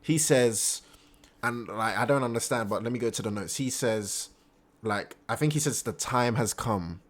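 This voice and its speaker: A young man hosting an anime reaction channel, recapping an episode in casual, slangy talk full of fillers, and his voice jumps high when he gets hyped. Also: normal speed.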